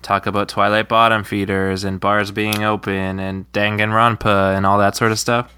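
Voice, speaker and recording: A man's voice: fairly low pitch, little pitch movement, moderate pace, bright, forceful tone, smooth. A man co-hosting a casual gaming podcast, tired and easygoing, laughing along. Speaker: podcast co-host.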